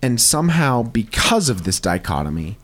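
A man co-hosting a casual movie podcast, making emphatic, mock-grandiose proclamations. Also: normal speed. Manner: lively pitch swings. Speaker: podcast co-host.

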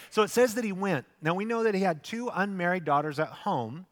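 A man's voice: high-pitched, animated, brisk, few pauses. A man preaching a sermon as pastor, telling the story animatedly and acting out its voices. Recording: long hall reverb.

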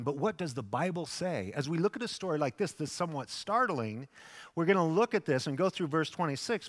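A man preaching a sermon as pastor, telling the story animatedly and acting out its voices. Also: a little high. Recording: long hall reverb.

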